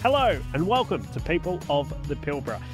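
A man's voice: fairly high pitch, very animated, fairly quick, over music. A man hosting a local podcast, reading an upbeat intro and interviewing a guest. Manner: friendly, upbeat presenter with scripted intro. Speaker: podcast host.

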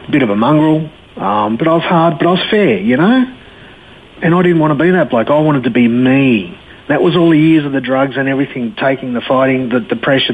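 A man's voice: mid-range voice, breathy edge. Man on a tinny phone line. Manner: candid, blokey storytelling with frequent restarts. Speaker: guest telling his life story. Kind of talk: personal testimony in a radio interview.

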